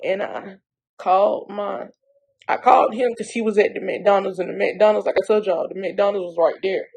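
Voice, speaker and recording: A young woman tells a personal story to her viewers in a vlog. Her voice carries a gravelly, fry-edged texture at an ordinary middle pitch. She speaks bluntly and emotionally, as if close to tears. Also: fairly even intonation, normal speed, a little mellow, low-quality recording. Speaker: vlogger.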